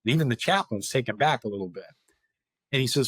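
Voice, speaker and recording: A man's voice: mid-range voice, lively intonation, fast, fairly bright tone, husky, no echo. A man speaking as a guest and telling a vivid, dramatic story, quoting people directly as he goes. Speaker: guest, historic park chief of staff.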